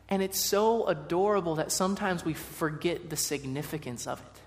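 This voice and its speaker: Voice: medium pitch, normal speed, few pauses. A preacher giving a sermon, reading scripture and talking to the congregation in a conversational way with playful asides. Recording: long hall reverb.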